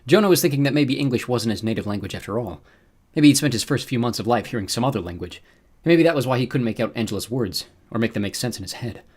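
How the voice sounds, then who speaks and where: A man's voice: medium pitch, lively intonation, fast talker, darkish tone, husky. A man narrating an audiobook, telling the story expressively and voicing its characters. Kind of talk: scripted narration.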